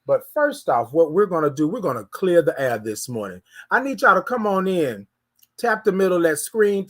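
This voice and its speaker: A man talking close into a phone camera at home, hosting a relaxed morning livestream. His voice sits a bit high for a man, and he chats in a loose, repetitive way, greeting viewers as they arrive. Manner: chatty, greets viewers by name, repeats phrases. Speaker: livestream host. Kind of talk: casual morning livestream chat.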